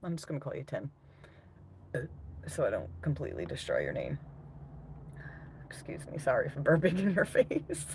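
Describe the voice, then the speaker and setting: A woman's voice: very deep voice, wildly swooping pitch, moderate pace, pauses often, background noise. A woman casually chatting with viewers on a livestream, rambling loosely and swearing often while reading out comments.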